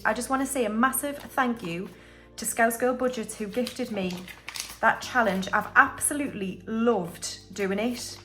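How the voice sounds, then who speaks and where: A woman's voice: on the high side, a bit bright. Chatty woman counting cash. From United Kingdom. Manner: chatty, counts money aloud, talks to viewers as guys. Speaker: budgeting vlogger. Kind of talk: casual chat while counting cash.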